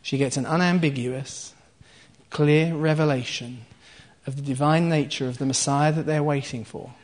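With a higher-leaning voice, steady tone and moderate pace, a man explains a scripture passage line by line as he preaches. He retells it conversationally, adding asides for his listeners and quiet laughs.

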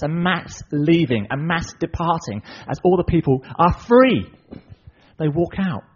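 Husky guy preaching, storytelling sermon, muffled lo-fi recording. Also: medium pitch. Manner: lively retelling, asides to the audience. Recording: dull lo-fi recording.

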